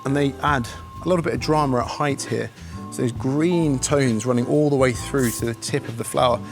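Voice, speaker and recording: Speaking a little fast in a gravelly, medium-pitched voice, an upbeat man walks through gardening tips outdoors. He's casual and chatty with jokey asides, and music runs beneath him.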